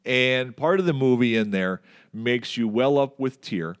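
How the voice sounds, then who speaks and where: A middle-aged man hosting a casual podcast chat, telling stories with lively mimicry of people yelling. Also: unhurried, clean tone. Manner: animated storyteller, mimics yelling in a much higher voice.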